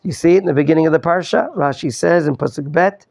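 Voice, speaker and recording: A man's voice: fairly high pitch, quick pace, gravelly, hardly any pauses, darkish tone. A male rabbi teaching a Torah class, quizzing his students, repeating his questions and mixing in Hebrew terms. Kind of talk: interactive Torah lesson.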